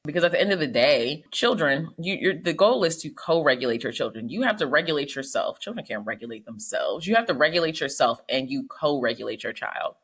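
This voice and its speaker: Low husky-voiced woman, talks a mile a minute, casual advice chat. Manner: fast, animated storytelling. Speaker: psychologist.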